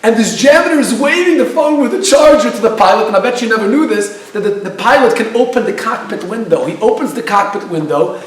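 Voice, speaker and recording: A man giving a class, telling a story in an animated way and asking his audience questions. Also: high voice, fairly quick, few pauses. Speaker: lecturer. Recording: very echoey room, speaker far from the mic.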